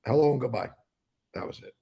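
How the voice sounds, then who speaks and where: A man's voice: medium pitch, a little fast, creaky, crowd noise. An older man telling blunt, rambling stories in a casual interview, swearing freely. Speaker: interview guest.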